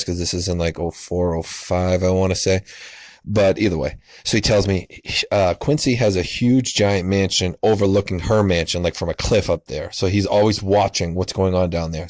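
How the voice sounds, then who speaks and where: Deep-voiced man telling a story. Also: a little mellow, no room sound. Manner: rambling, many fillers and self-corrections. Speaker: podcast host. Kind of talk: casual true-crime storytelling.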